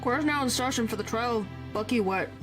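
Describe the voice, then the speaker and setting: A woman's voice: fairly high pitch, fast, close to an everyday voice. Woman doing an old judge man, formal announcing, game music behind.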